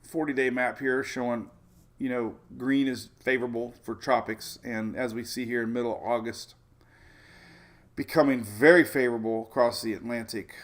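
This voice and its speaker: A man's voice: mid-range voice, fairly even intonation, normal speed. A man hosting a casual weather livestream, walking through maps and rambling off topic in a chatty way. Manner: talks over weather maps on screen. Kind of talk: casual tropical weather briefing.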